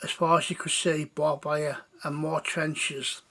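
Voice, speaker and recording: A man telling a war story, unhurried and halting. His voice sits high for a man. The narration pauses often between phrases. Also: little pitch movement, creaky, pushed and bright.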